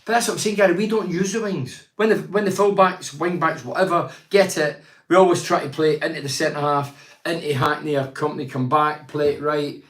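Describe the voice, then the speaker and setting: An older man from Teesside hosts a casual chat, reading viewer comments aloud. He talks in a blunt, opinionated, rambling way, in a voice pitched a little high for a man. The room around him sounds echoey. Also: steady tone, a little fast.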